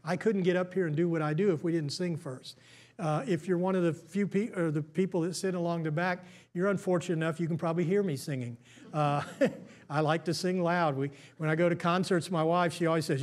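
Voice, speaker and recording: High-voiced American man preaching a sermon. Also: steady tone, fairly quick. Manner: conversational, many restarts and stammers. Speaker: pastor.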